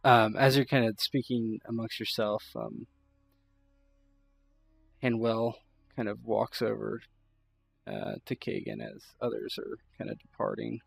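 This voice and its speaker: A man's voice: fairly low pitch, expressive, measured pace, vocal fry, long pauses, breathy edge, no room sound, faint music behind. A man narrating a tabletop role-playing game as game master, rambling loosely with many fillers.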